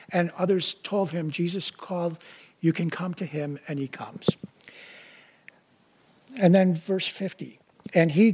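A man's voice: on the high side, darkish tone, husky. A man preaching a sermon in a conversational way, often stopping to explain the verses he reads. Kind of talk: casual sermon.

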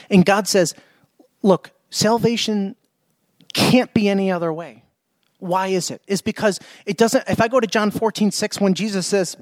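High-voiced pastor preaching with emphasis. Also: male voice, dry recording. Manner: emphatic, repeats himself, asks the congregation questions. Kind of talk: sermon. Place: church.

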